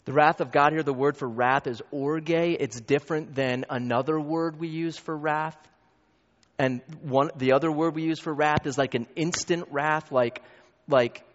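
Male pastor, emphatic sermon, long hall reverb, dull lo-fi sound. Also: a little high. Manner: emphatic, rising to loud peaks, quick asides. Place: church hall.

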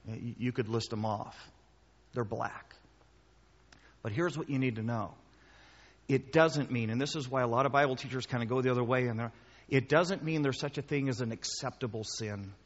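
A man's voice: mid-range voice, normal speed, big-room sound, muffled recording. A man preaching a sermon as pastor, talking conversationally, quizzing the congregation and pressing points with emphatic repetition.

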